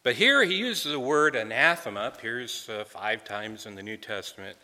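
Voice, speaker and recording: A man's voice: medium pitch, expressive, moderate pace, pushed and bright, in a large hall. A man preaching an earnest expository sermon, often repeating words as he restarts a phrase.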